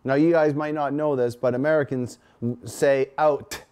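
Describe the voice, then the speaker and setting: Host: cocky, foul-mouthed Canadian man, 40s, mellow and slightly high voice. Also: steady tone, fairly quick, smooth. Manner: cocky, profane, rambling. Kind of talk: casual livestream chat.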